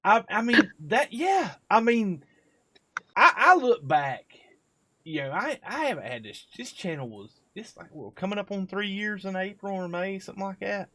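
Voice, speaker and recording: Chummy rambling stream host. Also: male voice, high voice, lively intonation, normal speed, sharp tone. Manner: rambling, chummy, lots of fillers and laughs. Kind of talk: casual live stream chat.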